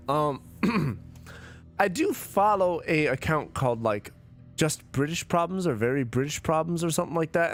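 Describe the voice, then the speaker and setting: Drunk, giggly male game streamer. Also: mid-range voice. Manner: rambling, swearing, giggly. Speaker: streamer playing a story game. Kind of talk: casual let's-play commentary.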